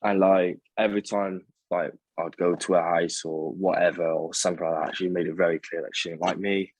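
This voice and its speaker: A young man, his voice very low and husky, telling his own story in a halting way, full of fillers and restarts. The sound is dry and close, with no room around it. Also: little pitch movement, darkish tone, no room sound. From England. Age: young adult. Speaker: guest. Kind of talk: candid personal storytelling.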